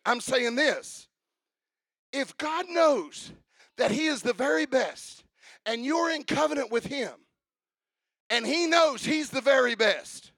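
A man preaches a sermon with fervent, rhythmic energy, building his repeated lines into shouts. His voice sits very high with a gravelly rasp and a bright, tense edge. The recording is dry and close. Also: no echo. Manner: fervent, rhythmic preaching with shouted call-outs and sung refrains.

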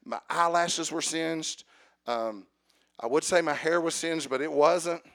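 A man preaching a sermon, telling a personal story with acted dialogue and building to loud calls for amen. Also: fairly high pitch, unhurried.

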